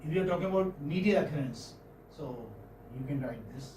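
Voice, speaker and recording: Man, indian english accent, classroom lecture, high-pitched, echoey room, distant mic. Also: animated, noisy background. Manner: halting, repeats words, checks in with students. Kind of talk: classroom lecture on phonetic transcription. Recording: roomy classroom audio from far off.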